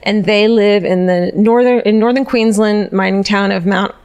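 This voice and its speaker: A woman's voice: medium pitch, fairly even intonation, normal speed, a little mellow, clean tone. An American woman co-hosting a podcast, telling a story in a loose, chatty way with lots of swearing and filler words. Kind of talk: casual chat.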